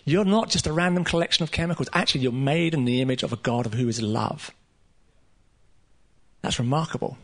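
A man preaching a sermon to a room of listeners, earnest and emphatic, with casual asides and pauses. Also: medium pitch. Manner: casual asides with light laughter. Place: room with a live audience.

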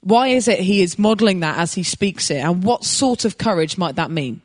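A woman preaching a sermon, telling a personal story in an animated way and laughing as she goes. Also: lowish voice, moderate pace, in a large hall.

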